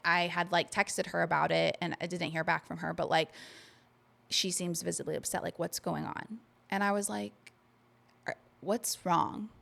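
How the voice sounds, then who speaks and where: Woman, low pitch, gravelly, casual podcast chat, swears freely. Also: a bit bright. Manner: swears freely, tells a long personal story. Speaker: podcast co-host.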